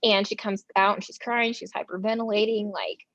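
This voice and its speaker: An American woman recounts her nursing experiences in a relaxed, conversational interview. She tells the stories animatedly, often mimicking the people involved. The recording sounds somewhat dull and lo-fi, with a dry, close room sound. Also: medium pitch, moderate pace, no room sound. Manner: animated, acts out quoted dialogue; casual speech with frequent fillers. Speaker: front line nurse, interview guest.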